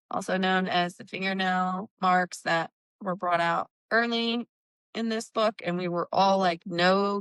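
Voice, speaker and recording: A woman's voice: mid-range voice, clean tone, dry recording. A woman hosting a book discussion podcast, casually recapping chapters and acting out characters' lines with swearing. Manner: animated recapping, acts out quotes, swears. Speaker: book club podcast host.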